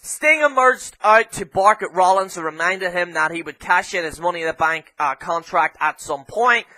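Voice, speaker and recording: Irish guy cursing and going off about wrestling, bright edgy voice, yells sometimes. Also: high voice, moderate pace, poor audio. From Ireland. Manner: heavy swearing, heated ranting; flares into shouting. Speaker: wrestling show reviewer. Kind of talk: ranting show review.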